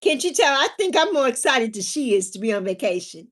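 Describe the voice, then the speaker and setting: A woman's voice: sits high, sing-song, fairly quick. A woman hosting a casual livestream, chatting with viewers in a bubbly, sing-song way and drawing out her words. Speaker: livestream host.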